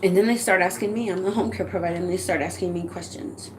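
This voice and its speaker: A woman's voice: lowish voice, steady tone, noisy background. Earnest woman telling a personal story. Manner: earnest, halting, often drops to a soft hushed voice. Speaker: home care provider.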